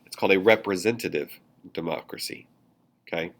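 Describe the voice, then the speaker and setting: A man's voice: low-pitched, brisk. A man teaching a government class in a casual, chatty way, with many fillers and asides, from Indiana. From Indiana, USA. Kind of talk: classroom lecture notes.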